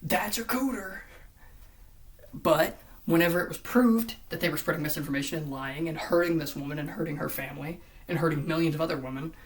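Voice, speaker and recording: A vlogger ranting in commentary style, swearing often and swinging between loud outbursts and hushed near-whispers. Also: mid-range voice, fast talker.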